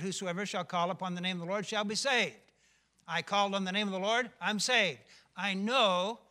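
A man's voice: sits high, pushed and bright. An older male pastor preaching a sermon, emphatic, often asking the congregation questions.

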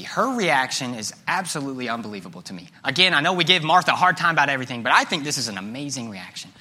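A young man preaching a sermon, reading scripture aloud, swinging between loud emphasis and hushed, near-whispered moments. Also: mid-range voice, sing-song, quick pace, few pauses, slightly rough.

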